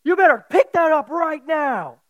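A man voicing a bossy male drill sergeant who barks shouted commands. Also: extremely high pitch, animated, normal speed, no echo, lo-fi sound, voice pushed up. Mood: commanding.

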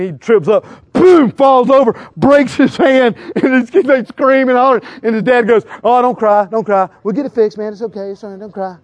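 Man, evangelist sermon, high voice, dry close sound, animated, questions the crowd. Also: no echo. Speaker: evangelist preacher.

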